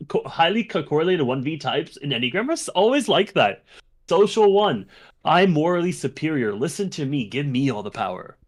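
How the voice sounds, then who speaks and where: A man co-hosting a podcast in casual chat, animated and profane, with quick mocking asides. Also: high voice. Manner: animated, swears, laughs, mocks types in quoted voices. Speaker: podcast co-host.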